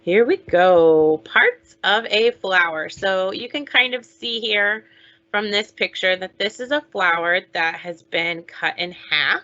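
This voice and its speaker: A woman teaching young children online, talking slowly in a sing-song way as she leads chants, songs and counting. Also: medium pitch, expressive, sharp tone, lo-fi sound. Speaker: preschool teacher.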